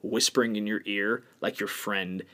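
A man co-hosting a podcast, talking bluntly and opinionatedly in casual chat, swinging between louder bursts and quiet stretches. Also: on the low side, fairly even intonation, moderate pace. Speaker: podcast co-host.

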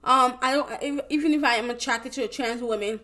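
Young woman, high voice, solo podcast host, rambling, profane, emphatic. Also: a little fast, pushed and bright. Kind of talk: casual solo podcast monologue.

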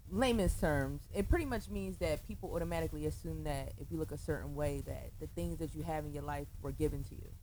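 Quick-talking confident young woman guest. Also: sits low, slight background noise, low-quality recording. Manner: animated, confident, explaining. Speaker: guest, podcast host and entrepreneur. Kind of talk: casual podcast chat.

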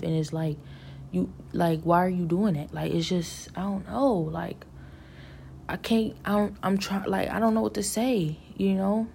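A woman's voice: medium pitch, fairly even intonation, moderate pace, vocal fry, a little mellow, slight background noise. A woman telling a long, rambling story about a vision, musing earnestly about God and the devil with many fillers and restarts.

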